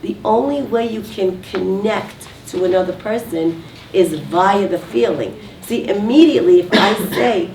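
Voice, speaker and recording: A woman's voice: mid-range voice, measured pace, darkish tone. A woman running a communication workshop, coaching a live audience and asking them to call out answers. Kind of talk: teaching to a group. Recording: echoey room from far off, faint background noise.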